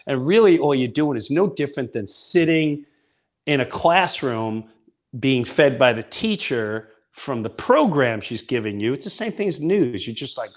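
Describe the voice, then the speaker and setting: A man in his fifties, a comedian chatting on a podcast, animated and acting out voices with loud outbursts. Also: mid-range voice, normal speed. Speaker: guest comedian. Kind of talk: casual podcast chat.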